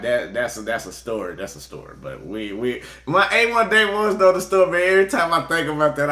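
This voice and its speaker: A man talks casually as a tarot reader, laid-back and chatty with a ready laugh. His voice sits in a middle pitch. The sound bounces around a roomy space. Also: fairly bright tone. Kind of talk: casual livestream chat and tarot reading. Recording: roomy echo.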